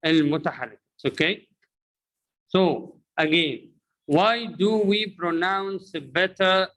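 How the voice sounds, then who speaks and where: A man's voice: on the high side, fairly bright tone, poor audio. A man with an Egyptian accent whose first language is Arabic, teaching an English pronunciation lesson and repeatedly quizzing his viewers.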